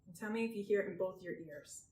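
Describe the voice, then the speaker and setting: Gentle woman talking through a clinical exam. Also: medium pitch, fast. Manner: gentle, reassuring, often checks in with "okay?". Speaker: examiner doing a health assessment. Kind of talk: step-by-step clinical exam instructions. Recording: roomy with faint background noise.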